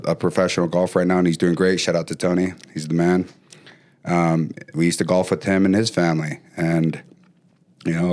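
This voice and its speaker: A man talking as a podcast guest, telling stories casually with lively bursts and frequent restarts. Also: deep voice. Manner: animated, trails off and restarts often. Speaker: podcast guest, former pro football player. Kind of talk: casual storytelling.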